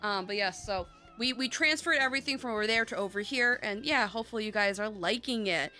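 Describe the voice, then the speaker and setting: A woman with a bright, forward voice hosts a tarot livestream in casual chat. She is bubbly and loose-tongued, with casual swearing throughout. Faint music plays behind her. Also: medium pitch, brisk. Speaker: tarot reader and livestream host.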